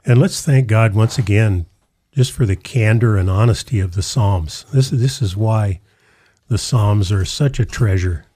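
A man's voice: on the low side, a little slow, mellow, no echo, clean studio sound. A man, a pastor, speaking earnestly and affirmingly in a casual discussion of scripture.

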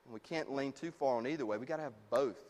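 A man preaching a sermon in a conversational way, dropping low and quiet on his key points. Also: quick pace, big-room sound. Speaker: pastor.

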